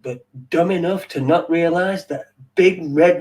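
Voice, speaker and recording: Man, middle-aged, rambling and sweary, fairly high voice, set back from the mic. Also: measured pace, a little mellow. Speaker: podcast host. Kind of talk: casual late-night chat. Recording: distant from the mic.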